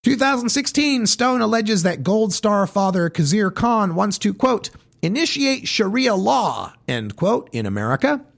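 A man delivering pointed commentary, reading quotes one after another in a measured way and stressing each one with pauses. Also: sits high, vocal fry.

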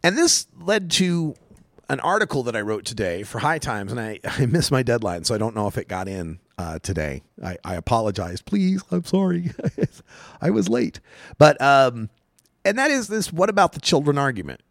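A man hosting a talk radio show, delivering news commentary in an animated, sarcastic way and laughing at his own jokes. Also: mid-range voice, normal speed, dry recording, clean studio sound.

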